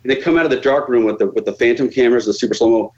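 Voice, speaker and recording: A man tells stories as a podcast guest, loose and profane, jumping into other people's voices as he goes. His pitch sits in the ordinary male middle. The recording sounds a little muffled. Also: racing. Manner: profane, animated, acts out quoted voices. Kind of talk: casual storytelling on a podcast.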